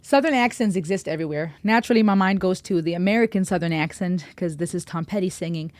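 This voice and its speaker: A woman's voice: fairly low pitch, fast talker, a little mellow, no room sound. A woman from Germany, hosting a music reaction channel and explaining her thoughts in an upbeat, chatty way.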